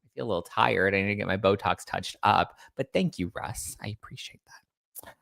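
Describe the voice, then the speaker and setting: A man's voice: low voice, brisk, creaky, fairly bright tone, dry recording, studio quality. A man hosting a casual livestream, chatting and answering viewer comments aloud. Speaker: host. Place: Los Angeles.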